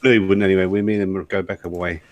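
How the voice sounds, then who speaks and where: Low-voiced male player; casual and halting at the game table. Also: flat delivery.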